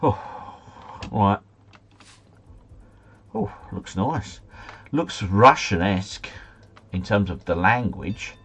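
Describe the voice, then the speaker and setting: Low husky man commentating a game. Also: very animated, drawn-out words, pauses often, fairly bright tone. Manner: chatty, mutters asides, mild swearing, easily flustered. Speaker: streamer playing a geography game. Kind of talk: casual live commentary.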